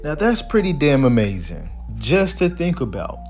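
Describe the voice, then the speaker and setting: A man hosting a casual commentary, reading passages slowly and then riffing on them in a relaxed, conversational way. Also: mid-range voice, faint music behind. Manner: conversational, reads quotes slowly then riffs. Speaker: host.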